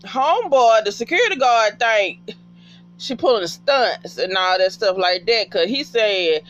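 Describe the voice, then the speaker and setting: Animated profane woman recapping a show. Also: medium pitch, normal speed, highs cut off. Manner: animated, profane, talks back to the characters. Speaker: TV episode recapper. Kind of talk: casual TV recap.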